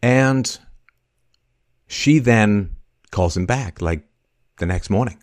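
A man hosting a call-in show, telling an animated story and acting out the quoted voices. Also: on the low side, takes it slowly, pauses often. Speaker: podcast host.

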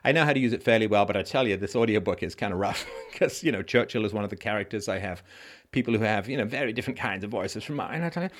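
Expressive, somewhat low-voiced man hosting a live stream. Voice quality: expressive, trained voice. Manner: conversational, halting restarts, reads and answers viewer comments. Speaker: host.

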